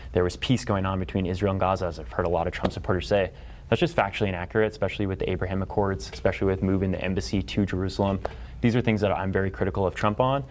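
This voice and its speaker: A man's voice: deep voice, a little hiss or hum. A man taking part in a panel debate, speaking earnestly and ready to argue. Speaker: debate participant.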